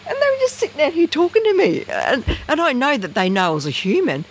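Middle-aged woman, storyteller, lively and expressive, high squeaky jumps for quoted voices, faint noise outdoors. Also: quick pace, hardly any pauses, poor audio. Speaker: guest storyteller. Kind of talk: casual outdoor chat. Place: outdoors at night in bush.

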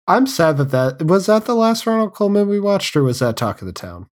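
A man's voice: high voice, big pitch swings, normal speed. A man co-hosting a casual film podcast, who drops short, dry, wry quips. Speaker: podcast co-host.

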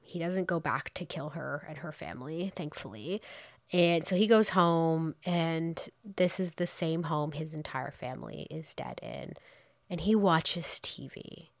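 A woman with a lowish voice tells a true crime story in a loose, chatty way. She reacts out loud as she goes and quotes people in quick put-on voices. The sound is close and dry, with no room echo. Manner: animated, quotes people in playful voices, exclaims. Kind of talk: casual true crime retelling.

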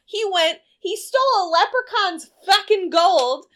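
Woman with a lively, swinging voice, swearing. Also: extremely high pitch, a little slow. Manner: swears freely, laughs often, teasing. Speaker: movie watch-along co-host. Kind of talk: casual chat watching a film. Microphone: headphones with mic.

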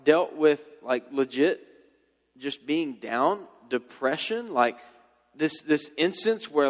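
A young man giving a laid-back, slang-filled sermon as a youth pastor. His voice sits a little high for a man. It rings out with the long reverb of a big hall. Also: expressive, slow pace. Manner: casual, slangy, storytelling.

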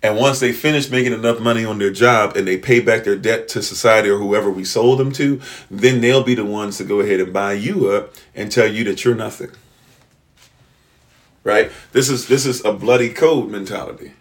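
On a livestream, a man lectures in a lowish voice at a moderate pace. He keeps tossing out rhetorical "right?" checks and stammering through restarts, occasionally speaking to the live chat and to a partner off-mic.

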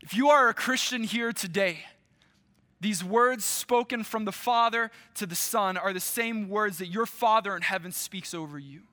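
A male pastor preaching a sermon to his church, slow and emphatic, with dramatic pauses. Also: high voice, bright, forceful tone.

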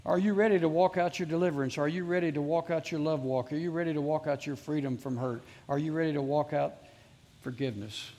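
A man's voice: a little high, fairly even intonation, fast talker, mellow. A man preaching a sermon as pastor to a live congregation, earnestly repeating his exhortations.

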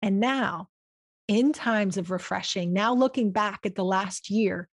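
A woman hosting a podcast, giving an earnest, heartfelt, faith-based reflection in a conversational way. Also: a little high. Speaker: podcast host.

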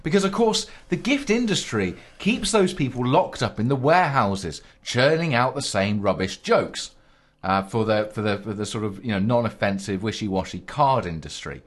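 A man's voice: lowish voice, expressive, normal speed. A man co-hosting a comic podcast, playful and mock-grandiose, muttering asides. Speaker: podcast co-host. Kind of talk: comic banter.

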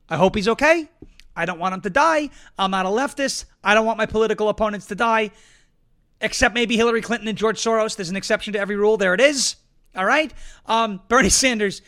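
A middle-aged man hosting a political talk show, talking quickly and emphatically, repeating his points and joking between ad reads. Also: high-pitched, a bit bright. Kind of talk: casual political commentary and ad reads.

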